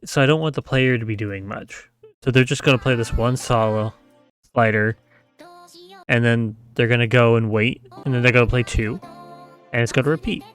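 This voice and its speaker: A man's voice: medium pitch, steady tone, normal speed, a bit bright, soft background music. A man giving a casual screen-share tutorial, explaining step by step, often checking with "right?" and humming the sounds he describes. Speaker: mapping tutor.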